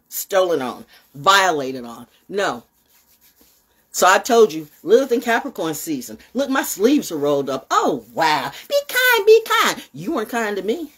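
Animated woman vlogger, husky voice. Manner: animated, swings from high exclamations to low muttering; swears freely. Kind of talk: casual rambling monologue to camera.

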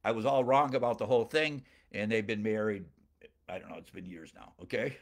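Animated preacher man, chuckling asides. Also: mid-range voice, a little fast. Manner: conversational, with chuckling asides and personal anecdotes; reads scripture aloud, then paraphrases it in plain speech. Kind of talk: expository Bible sermon.

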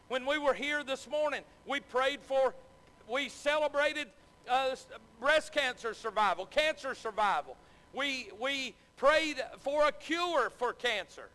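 A middle-aged pastor, preaching earnestly in a church and calling out frequent amens. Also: male voice, extremely high pitch, animated, measured pace, pushed and bright. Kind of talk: sermon. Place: church sanctuary. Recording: long echo of a church hall.

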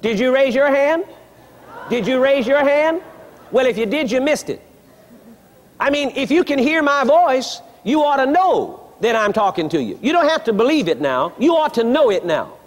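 Guy preaching with a real high voice, pushy teaching, lots of "do you see?" to the crowd, big echoey church. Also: sing-song, moderate pace. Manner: emphatic teaching, repeated rhetorical questions to the congregation. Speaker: pastor. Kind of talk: sermon. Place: large church building with a congregation. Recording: long reverb of a large hall.

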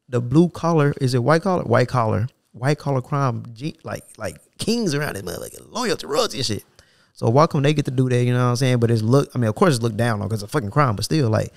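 A man's voice: medium pitch, gravelly, a little mellow, dry recording, studio quality. A young adult man with an African American Vernacular English accent, hosting a solo podcast in a casual, profane, rambling way. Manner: casual, profane, rambling, with frequent "you know what I'm saying". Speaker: podcast host.

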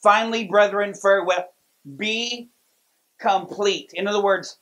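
A man preaching a sermon as pastor, telling stories with lively delivery and frequent restarts. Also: high voice, normal speed, rough recording. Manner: storytelling, lively, many restarts.

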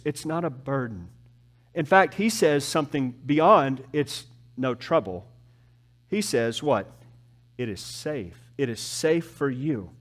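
A man preaching a sermon as pastor, with emphatic rises and soft, slow, drawn-out drops. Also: mid-range voice. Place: church.

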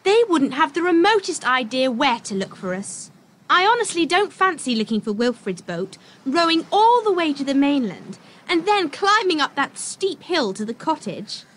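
A woman playing a bold, brisk girl who brushes off worries, in an audio drama. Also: high-pitched, big pitch swings, a bit bright. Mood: scoffing. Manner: brisk and scoffing.

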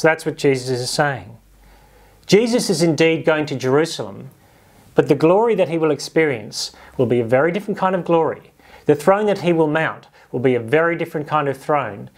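A man preaching a sermon in a conversational way, acting out quoted voices with humor. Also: a little high. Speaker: pastor.

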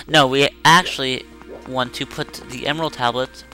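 A man's voice: medium pitch, steady tone, moderate pace, bright, forceful tone, faint music behind, rough recording. A man hosting a let's play, joking and rambling casually over gameplay into a desk microphone.

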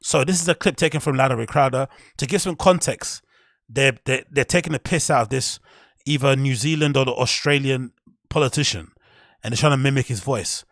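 A man's voice: medium pitch, a little fast, a bit bright, dry recording, clean studio sound. A man giving casual, heated commentary on a clip, blunt and full of swearing.

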